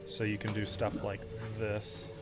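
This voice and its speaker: A man's voice: fairly low pitch, completely flat delivery, measured pace, music in the background. A man acting as game master, patiently explaining the rules to his players. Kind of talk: running a tabletop game.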